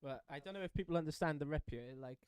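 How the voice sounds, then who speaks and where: Matter-of-fact man, smooth and slightly high. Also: fast, a little mellow, dry recording. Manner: explains conditions plainly, matter-of-fact. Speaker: competing surfer turned co-commentator. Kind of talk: casual sports commentary.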